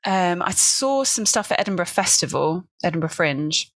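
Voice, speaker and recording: A woman's voice: on the low side, expressive, normal speed, a bit bright, dry recording. A woman chatting casually as a podcast guest, self-mocking and laughing often. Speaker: guest improviser.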